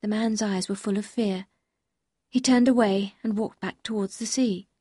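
A woman reading a novel aloud as first-person narrator, in a clear, measured storytelling manner. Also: medium pitch, steady tone, warm tone, no room sound, studio quality. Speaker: audiobook reader.

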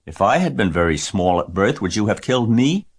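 A man's voice: lowish voice, big pitch swings, a little fast, breathy edge, pitched above the performer's own voice, full character voice. A man reading aloud and voicing a passionate, tearful eight-year-old farm girl who pleads and shrieks. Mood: pleading.

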